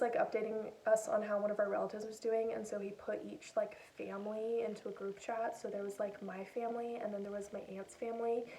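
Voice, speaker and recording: A woman's voice: mid-range voice, dark tone, reverberant, a little hiss or hum. Chatty young woman on a distant phone. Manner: chatty, self-deprecating, acts out her own quotes. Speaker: vlogger. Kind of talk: casual storytelling. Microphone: old phone.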